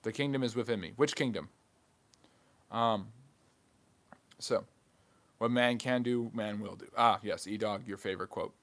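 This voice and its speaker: A man hosting a live history stream, reading chat questions aloud and answering with quick, dry jokes. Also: fairly low pitch, fairly bright tone.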